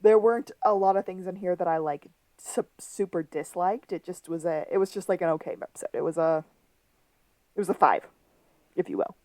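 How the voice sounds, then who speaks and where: Here a woman co-hosting a podcast talks through a TV episode in a chatty way, laughing often and quoting lines as she replays the scenes. She has a lowish, mellow voice and speaks a little fast; the recording is dry.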